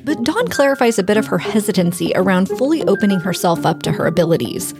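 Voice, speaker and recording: A woman's voice: medium pitch, expressive, fast talker, creaky. A woman reading a scripted voice-over narration. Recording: music bed under voice.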